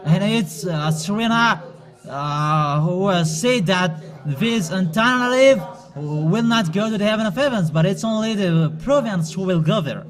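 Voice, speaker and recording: A man delivers a sermon in a high voice at an unhurried pace. He speaks haltingly, pausing and restarting often as he admonishes his listeners directly. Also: animated. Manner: halting, with frequent pauses and restarts. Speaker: preacher.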